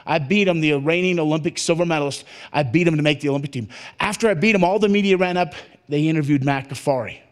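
A man giving a motivational keynote talk, telling his story in an animated way and acting out the dialogue. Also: a little high, fast talker. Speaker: motivational speaker. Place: conference hall at a resort.

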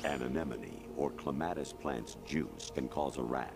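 A man voicing a stern middle-aged colonel in a video game who speaks over the radio in a measured, deadpan way and slips into nonsense. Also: vocal fry. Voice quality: deep, measured, deadpan delivery. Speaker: commanding officer on the radio. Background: game music.

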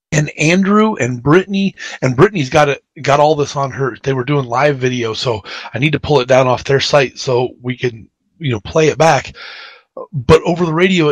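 Radio co-host, man, fairly high voice, rambling animated storyteller, dry close sound. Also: no room sound. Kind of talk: casual radio chat.

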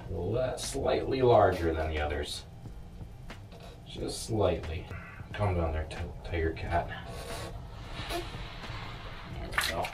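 A man's voice: low voice, takes it slowly, pauses often, far from the mic, background noise. A man vlogging while ice fishing from a shack, chatting to viewers and cheering on the fish. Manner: excitable, talks to the fish and the viewers. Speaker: fishing vlogger and rental guide. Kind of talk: casual talk to camera while ice fishing.

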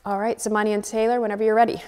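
A woman acting teacher explaining an exercise to her class in a clear, encouraging, conversational way. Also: mid-range voice, flat delivery, racing, darkish tone. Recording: long hall reverb.

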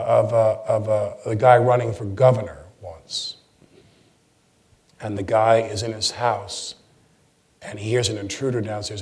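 A man, a guest actor, chatting with an audience in a lecture forum, telling animated stories and often restarting his sentences. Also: on the low side. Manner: animated storyteller with stammered restarts. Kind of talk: anecdotal chat with an audience.

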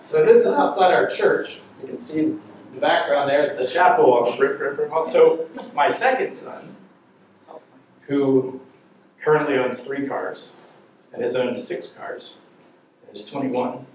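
This middle-aged man speaks at a medium pitch, a little slowly, with long pauses. The recording carries slight hiss or hum and heavy echo, his voice distant, as he leads a church parenting class full of jokey anecdotes and questions for the audience.

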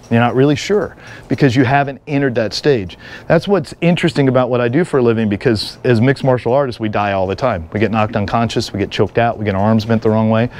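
Energetic joking male seminar instructor. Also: mid-range voice, a little hiss or hum. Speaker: firearms and martial arts instructor. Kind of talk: live seminar lecture.

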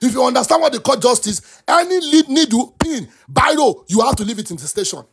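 A Nigerian man rants as a talk show host, his voice set high and full of gravelly fry. He sounds husky and heated, and he flips between English and Yoruba. Now and then he rises into shouting. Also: expressive, fairly quick. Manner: impassioned, switches between English and Yoruba, often bursts into shouts. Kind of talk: animated commentary rant.

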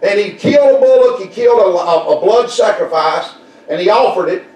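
A man's voice: sits high, expressive, fairly quick, a little mellow. A man preaching a folksy Baptist sermon, repeating phrases and drawing answers from the congregation. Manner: folksy, repetitive, call-and-response preaching. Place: church sanctuary. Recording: echoey church room, distant mic.

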